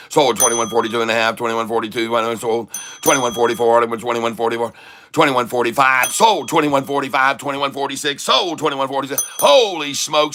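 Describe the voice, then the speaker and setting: A middle-aged man giving excited live commentary while day-trading, repeating prices rapidly and breaking into rhyming chants like a hype man. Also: mid-range voice.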